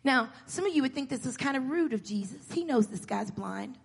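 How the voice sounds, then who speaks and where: A woman preacher delivering a sermon in a church hall, moving from quiet storytelling to shouted exhortation. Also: high voice, animated, a little fast, vocal fry, husky. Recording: long hall reverb.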